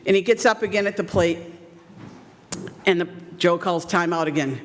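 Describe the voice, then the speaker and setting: A woman's voice: fairly low pitch, normal speed, slight background noise. A woman in her fifties, a youth baseball coach, giving a chatty, self-deprecating storytelling speech full of ums. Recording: long hall reverb.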